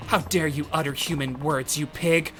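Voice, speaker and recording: A man's voice: on the high side, steady tone, moderate pace, fairly bright tone, soft background music, lightly acted. A man voicing a young woman in a game who plays a scolding, haughty dominatrix. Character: young woman, timid girl turned bossy dominatrix. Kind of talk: reading game dialogue aloud on a stream.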